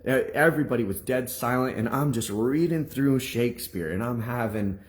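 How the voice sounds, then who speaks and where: A man, a minister, giving a personal testimony to his congregation in an animated, rambling storytelling manner full of restarts. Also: mid-range voice, moderate pace.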